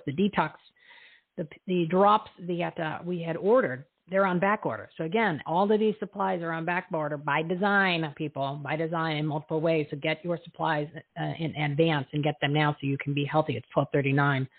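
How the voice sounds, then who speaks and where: A woman hosts a talk show in a chatty, opinionated manner, filling gaps with ums and uhs. Her voice is a touch husky and sounds dry and close. It comes through a thin, phone-like line. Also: low-pitched, dry recording. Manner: chatty, opinionated, filler-heavy. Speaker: host. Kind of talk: casual talk show monologue.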